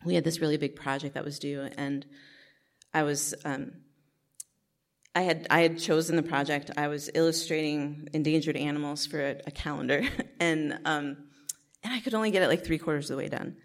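A woman's voice: sits low, steady tone, moderate pace. A middle-aged woman telling a personal life story to an audience in a candid, casual way, with many fillers. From New Jersey, USA.

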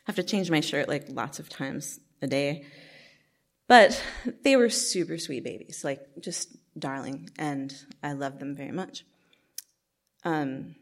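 A middle-aged woman recounts her own life story to a listening audience. Her voice sits low and carries a gravelly, fried edge. She talks candidly and casually, sprinkling in "like" and "um.". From New Jersey, USA. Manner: casual, frequent "like" and "um" fillers, candid.

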